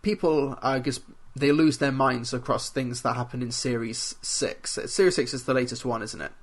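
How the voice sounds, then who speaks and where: Analytical young podcast co-host. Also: male voice, medium pitch, fairly even intonation. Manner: measured, analytical, building arguments. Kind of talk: casual chat.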